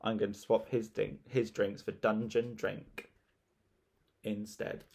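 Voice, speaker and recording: A man's voice: lowish voice, little pitch movement, takes it slowly, creaky, darkish tone, heavily acted. A man voicing a bossy, scheming young girl who talks scornfully.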